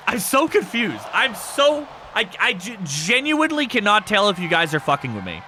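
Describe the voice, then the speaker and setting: A man hosting a livestream, chatting casually with viewers. He jokes, swears often and breaks into sudden shouts. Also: sits high, normal speed, few pauses, slight background noise. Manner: excitable, joking, swears a lot, bursts into shouts. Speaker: streamer host of a wrestling show.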